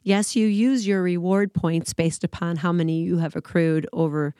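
A woman teacher hosting a podcast in casual talk, hoarse and scratchy as she recovers from laryngitis, chatty and laughing between phrases. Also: fairly low pitch, steady tone, moderate pace, mellow, no echo, studio quality.

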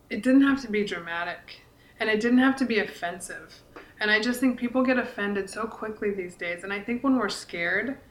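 A podcast co-host and author, a woman in her forties, chats casually and earnestly, using lots of likes and restarting sentences. Her mid-range voice has a fairly bright tone, and the room is echoey.

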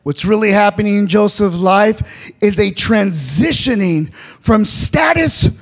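A man preaching a sermon in a shouted, sing-song delivery, with frequent "uh" fillers between phrases. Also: high voice, animated, measured pace.

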